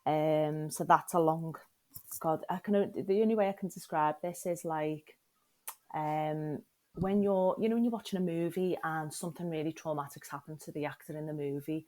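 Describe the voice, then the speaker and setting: A woman's voice: low-pitched, steady tone, moderate pace, a little mellow, no room sound. A middle-aged woman frankly and emotionally telling her personal story as a podcast guest, often turning to the listener with questions.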